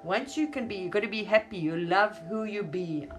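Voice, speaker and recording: A woman's voice: medium pitch, moderate pace, faint music behind. A woman speaking as a spiritual teacher in a rambling monologue. She gushes, keeps repeating words of wonder and laughs often. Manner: gushing, repeats wow and amazing, laughs often.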